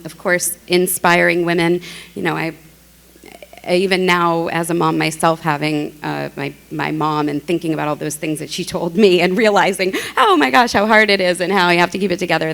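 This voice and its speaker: Chef on a panel, woman, low gravelly voice, halting delivery with lots of fillers. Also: fairly bright tone. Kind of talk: panel talk.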